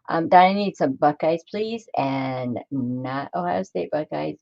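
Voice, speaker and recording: A woman's voice: deep voice, lively intonation, unhurried, gravelly, hardly any pauses, no echo, highs cut off. A woman chatting casually on a crafting livestream, talking to herself as she works and greeting viewers by name.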